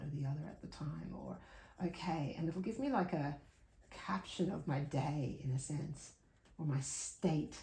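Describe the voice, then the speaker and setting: A woman's voice: on the low side, vocal fry, warm tone, echoey room. A woman giving a casual drawing lesson, chatting and reflecting aloud to the viewer as she works. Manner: chatty, reflective, laughs often, talks to viewer while drawing. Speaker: art tutor.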